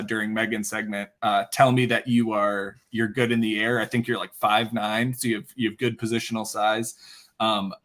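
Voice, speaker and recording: A man's voice: mid-range voice, a bit bright. Male host, loose and jokey, mid-range voice, casual interview energy. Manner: joking, fast, playful hype. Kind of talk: casual chat.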